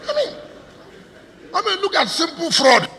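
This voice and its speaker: A man's voice: extremely high pitch, huge pitch swings, a little slow, gravelly, pushed and bright, slight background noise. Combative Nigerian man in an echoing hall. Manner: combative, fires rhetorical questions. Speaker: state governor addressing business stakeholders. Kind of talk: public address at a meeting. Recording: reverberant hall.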